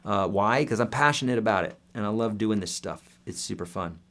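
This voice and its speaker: A man's voice: on the low side, brisk, a bit bright. A man in his thirties, a guitar teacher answering viewer questions in a casual, upbeat live-stream lesson. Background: guitar playing.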